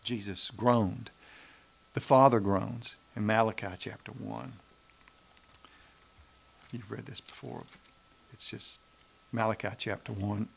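A man preaching a sermon, swinging between emphatic rises and hushed, slowed passages, and repeating phrases for emphasis. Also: lowish voice, fairly even intonation, vocal fry, breathy edge.

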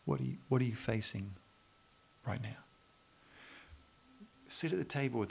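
A man's voice: medium pitch, moderate pace, vocal fry, long pauses, a little hiss or hum. A man with a Southern US accent preaching a sermon in a conversational, pleading way, often asking the audience questions. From Macon, Georgia, US South. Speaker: pastor.

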